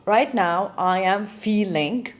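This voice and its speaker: A woman's voice: medium pitch, takes it slowly. A woman hosting a self-help talk, explaining steps in an earnest coaching manner and often checking in with "right?". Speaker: host.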